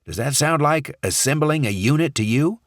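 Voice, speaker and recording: A male audiobook narrator voicing a gruff, impatient handler who gives clipped, insistent orders. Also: low voice, animated, a little slow, fairly bright tone, no echo, clean studio sound, heavily acted. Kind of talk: audiobook character voice.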